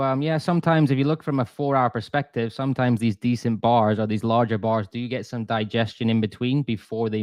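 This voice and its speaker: A man's voice: mid-range voice, darkish tone, dry recording. Chatty man streaming trade talk. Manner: chatty, self-deprecating, lots of restarts. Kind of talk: live-stream trading commentary.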